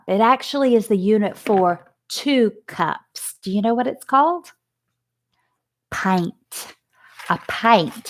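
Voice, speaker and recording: Slow, lively-voiced woman teacher. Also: mid-range voice. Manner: slow, patient, sounding out letters. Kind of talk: remote phonics and math lesson.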